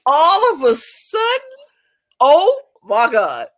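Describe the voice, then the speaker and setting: A woman co-hosting a podcast, telling the story with animated, loud reenactments in casual chat. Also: high-pitched, slow, rough recording. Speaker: podcast co-host.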